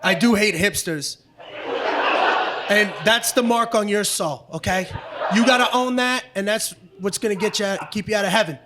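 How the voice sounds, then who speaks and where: A man doing stand-up comedy on a club stage, ranting profanely and shouting punchlines. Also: high voice, normal speed. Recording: live comedy club, noisy audience.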